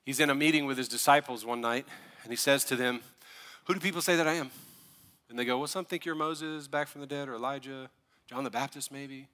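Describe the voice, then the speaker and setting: A man preaching a sermon as pastor, animated and building to fired-up preaching with asides to the congregation. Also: medium pitch, a little fast, in a large hall. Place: church sanctuary.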